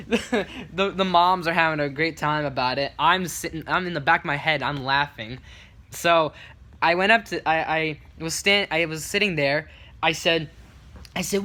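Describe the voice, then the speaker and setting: Male vlogger, bright, rambling storyteller, lively retelling with quoted voices. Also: on the high side, normal speed. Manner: rambling, full of restarts and fillers. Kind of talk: casual story time.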